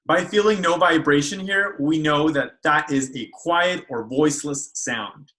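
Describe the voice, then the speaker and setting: A man's voice: fairly high pitch, a little slow, sharp tone, low-quality recording. A man speech therapist teaching children how to make speech sounds in a video lesson, carefully modeling each sound. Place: school.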